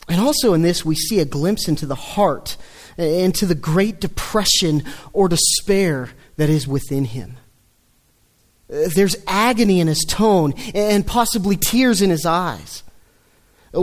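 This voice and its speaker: A man preaching a sermon in an earnest tone, dropping low and soft for scripture quotes. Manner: earnest, dips low and soft when quoting the psalm.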